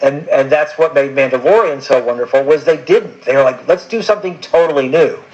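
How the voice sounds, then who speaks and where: A man's voice: mid-range voice, fairly quick. A man co-hosting a podcast in casual chat, enthusiastic and stumbling over restarts. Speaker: podcast co-host. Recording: dull lo-fi sound.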